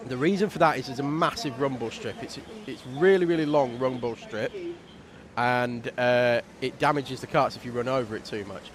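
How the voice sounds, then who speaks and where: A man doing relaxed, chatty commentary on a live race stream, explaining things at length. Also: medium pitch, moderate pace, crowd noise.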